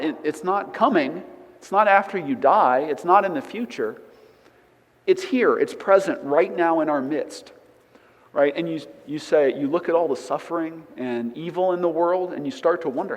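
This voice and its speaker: A man's voice: fairly high pitch, long reverb tail, poor audio. A man giving a conversational sermon to his church, often checking in with "right?" as he teaches. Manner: conversational, frequent "right?" tags. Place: church sanctuary.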